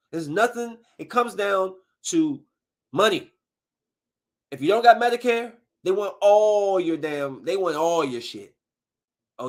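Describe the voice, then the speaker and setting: A male podcast host with a high voice who talks casually and swears freely. He rants with quick bursts of heat and then drops back to a low mutter. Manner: animated, profane rant with sudden outbursts. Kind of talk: casual chat review.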